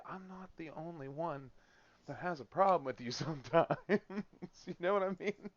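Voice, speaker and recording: A man's voice: mid-range voice, no echo, lo-fi sound. A man co-hosting a casual podcast, venting about work with lots of swearing and laughter. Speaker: podcast co-host. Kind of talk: casual chat.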